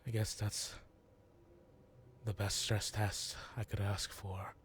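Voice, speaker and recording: A man voicing a frail, wounded man who is grateful and wry, speaking softly and weakly. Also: on the low side, level tone, slow, a little hiss or hum, pitched below the performer's own voice. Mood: weary.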